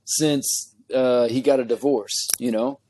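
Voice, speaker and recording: A man hosting a casual podcast chat, an animated storyteller who acts out voices. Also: mid-range voice, unhurried. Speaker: podcast host.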